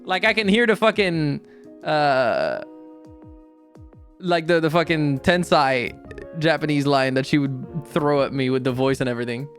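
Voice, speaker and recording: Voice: mid-range voice, animated, a little slow, faint music behind. A streamer chatting casually while playing a game, rambling, correcting themselves and swearing offhand.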